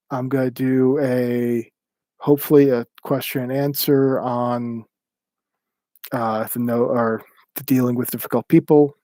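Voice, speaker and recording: A man teaching a livestreamed class, speaking in a plainspoken, halting way with many ums and restarts. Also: dark tone, no room sound. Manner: plainspoken, acts out quoted remarks with raised pitch. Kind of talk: livestreamed talk.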